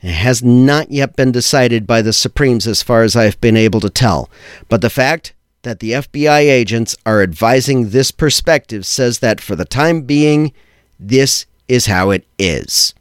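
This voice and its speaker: A man hosting a podcast, giving blunt, opinionated commentary with a sardonic edge. He swears for emphasis and slows down to hit the key phrases. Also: mid-range voice, clear, resonant tone, dry recording, studio quality. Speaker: podcast host. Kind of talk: opinionated tech and law commentary.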